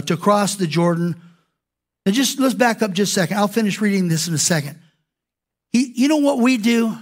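High-voiced animated male preacher. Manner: animated, acts out quoted prayers and voices. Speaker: pastor. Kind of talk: sermon.

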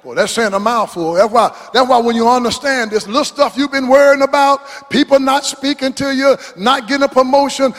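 An older man, a pastor, preaching a sermon, building to shouts and drawing out his phrases. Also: extremely high pitch, steady tone, big-room sound. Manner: preaching with rising shouts and long drawn-out phrases.

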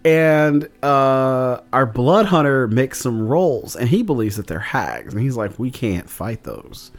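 A man's voice: mid-range voice, lively intonation, unhurried, faint music behind. A man casually recapping his tabletop game session as a podcast host, rambling with lots of fillers. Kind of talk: casual chat.

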